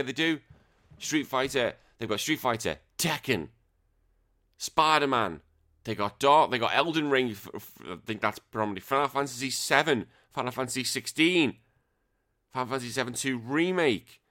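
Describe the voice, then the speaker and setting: British male podcast host, ordinary pitch, animated, opinionated rant with swearing. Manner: blunt, swearing, emphatic ranting.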